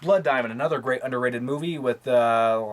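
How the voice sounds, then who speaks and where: A man's voice: mid-range voice, a little hiss or hum. Rambling, wisecracking male movie reviewer. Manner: quick, offhand, crude jokes, loses his train of thought. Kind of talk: casual rambling collection tour.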